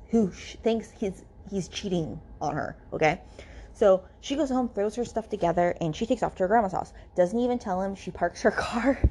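A woman's voice: on the low side, mellow. A woman hosting a book podcast, recapping a novel in a chatty, filler-heavy way with casual swearing. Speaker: podcast host reviewing a novel.

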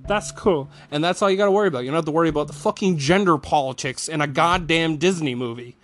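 A man's voice: fairly high pitch, quick pace, a bit bright. Ranting, profane male movie reviewer. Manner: angry profane ranting with mocking put-on quotes. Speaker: film reviewer.

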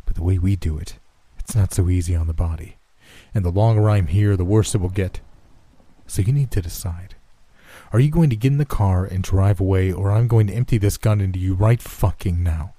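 A man voicing a cold, menacing middle-aged doctor in a horror story reading, sneering and dismissive, often low and hushed. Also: fairly quick, dry recording. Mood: threatening.

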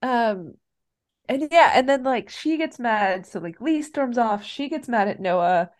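A woman's voice: a little high, expressive, measured pace. A woman casually recapping a teen movie plot on a podcast, acting out the characters' lines. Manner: recounts plot animatedly, acts out lines. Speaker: podcast co-host.

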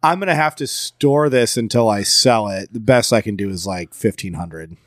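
A man imitating a shrewd male pawn dealer who dismissively lowballs sellers. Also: normal speed, fairly bright tone, dry recording, studio quality, natural voice.

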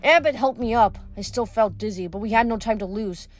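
A woman reading a novel aloud in a steady manner, with occasional slips and restarts. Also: fairly high pitch, brisk. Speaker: reader.

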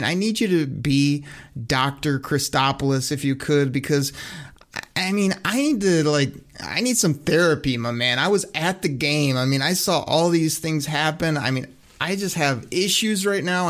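A man hosting a sports podcast, ranting in an exasperated, worked-up way with lots of "I mean.". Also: a little high. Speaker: podcast host. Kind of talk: casual sports podcast chat.

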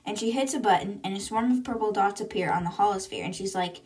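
A woman's voice: mid-range voice, fast talker, few pauses, darkish tone. A woman hosting a book podcast, chattily retelling a novel with lots of "and she's like" asides. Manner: chatty, with many "and she's like" and "blah, blah, blah".

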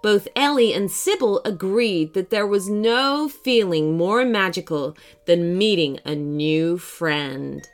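A woman reading a children's story aloud in an expressive, animated way. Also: mid-range voice, takes it slowly, few pauses, soft background music.

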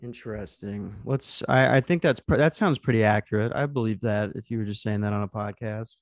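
A man from Arizona hosting a podcast over an online call, cracking deadpan, crude jokes in casual banter. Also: lowish voice, brisk. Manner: joking, deadpan crude humor. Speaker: podcast host.

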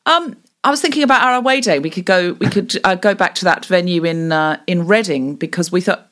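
A woman comedian as a podcast guest, explaining improv teaching in chatty, animated talk and slipping into quick acted voices. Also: on the low side. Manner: animated, slips into quick voiced mini-scenes while explaining; chatty with frequent fillers and restarts. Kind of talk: conversational interview.

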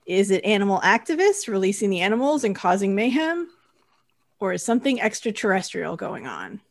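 A woman's voice: mid-range voice, very animated, brisk. A woman co-hosting a podcast, chatting casually and laughing easily. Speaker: podcast co-host.

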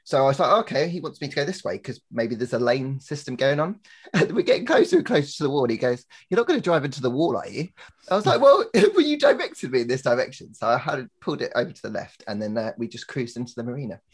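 A young man with a slightly husky, breathy voice, talking at a middle pitch. He tells his story in an animated way on a casual podcast, laughing often. He is recorded on a laptop mic. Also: quick pace. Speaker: podcast co-host. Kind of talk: casual chat. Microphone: laptop webcam and mic.

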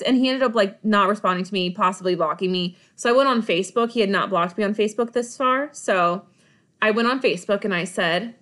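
A woman's voice: medium pitch, fairly quick, fairly bright tone. A woman co-hosting a podcast, telling a personal story in an emphatic, dramatic way with frequent asides and laughs. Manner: laughs while talking. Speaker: podcast co-host.

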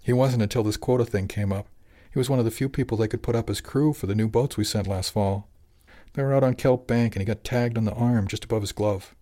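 A man voicing a brisk, matter-of-fact office worker who brings news, in an audiobook. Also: on the low side, warm tone, lightly acted.

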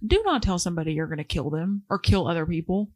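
A woman's voice: on the low side, expressive, fast talker, a little mellow, breathy edge. A woman co-hosting a casual podcast, chatting and laughing often as she reads posts aloud. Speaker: podcast co-host.

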